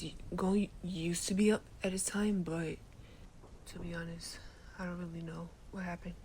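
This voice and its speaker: A woman voicing a protective, sleepy teenage boy in a gentle, laid-back whispered role-play. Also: on the low side, slight background noise, natural voice. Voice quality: soft whisper. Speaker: ASMR creator.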